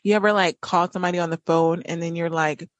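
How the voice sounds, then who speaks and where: A woman's voice: lowish voice, fairly even intonation, fast. Woman host telling a story. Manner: chatty, with many fillers and restarts. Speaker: podcast host. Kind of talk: casual personal storytelling.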